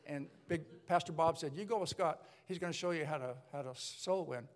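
An older man, a pastor, telling his story in a sermon, lively, with many restarts and acted-out voices. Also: a little high, a little fast. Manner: animated storyteller, acts out voices, rambling restarts. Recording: long hall reverb.

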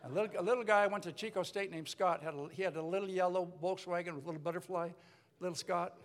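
An older man, a pastor, telling his story in a sermon, lively, with many restarts and acted-out voices. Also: high-pitched, fast. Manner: animated storyteller, acts out voices, rambling restarts. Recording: long hall reverb.

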